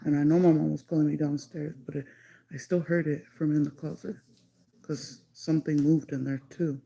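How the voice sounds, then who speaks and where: A woman tells a story on a livestream in a very dark, mellow voice with a gravelly edge. Her delivery stays flat in pitch, and she rambles with constant "like" and bits of Spanish. She drags some words out slowly when stressing them. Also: low-quality recording. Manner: rambling, heavy use of "like", slips into Spanish. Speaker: livestreamer telling a ghost story.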